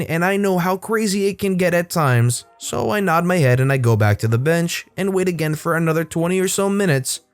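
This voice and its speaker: A man reading a Reddit story aloud as a channel narrator, animated and shifting his voice for the people he quotes. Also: on the high side, dry recording.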